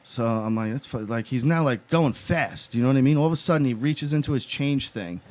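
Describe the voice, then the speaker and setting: A man in his thirties co-hosts a podcast-style casual chat, telling animated stories packed with swearing and acted-out quotes. His voice sits at medium pitch and moves fairly quickly.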